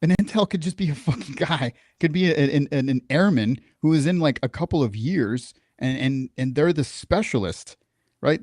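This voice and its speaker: This podcast guest, a middle-aged military veteran from Texas, has a higher voice and moderate pace, captured in studio quality without room sound. He tells animated, candid stories in a casual interview, cursing and often backing up to restart.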